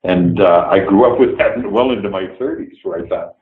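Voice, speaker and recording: An older man with a fairly low voice tells stories bluntly, swearing freely and chuckling as he goes. His voice sounds roomy and echoey. It comes through a thin, phone-like line. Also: moderate pace. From Canada, Toronto. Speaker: interview guest, actor. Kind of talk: storytelling anecdotes in a remote interview. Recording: echoey room over a tinny phone-like line.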